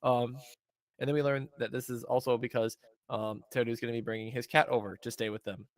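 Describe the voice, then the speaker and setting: A man's voice: mid-range voice, level tone, brisk, dry recording. A man co-hosting a podcast, recapping an episode casually with many ums and uhs. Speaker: podcast co-host.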